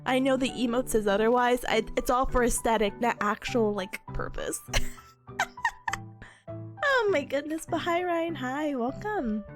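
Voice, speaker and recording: A young woman streamer chatting casually with a hoarse, sick voice, bubbly and giggly as she greets viewers. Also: high voice, unhurried. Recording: faint music in the background.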